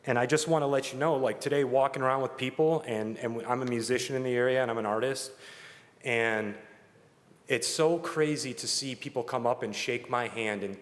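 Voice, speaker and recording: A man giving an earnest, halting public comment at a council meeting, speaking emotionally. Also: medium pitch. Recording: reverberant meeting hall.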